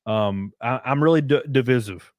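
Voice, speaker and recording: A man's voice: medium pitch, moderate pace, no room sound, clean studio sound. Laid-back Southern-drawling male streamer. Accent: Southern US rural. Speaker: streamer reading super chats. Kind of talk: casual livestream chat.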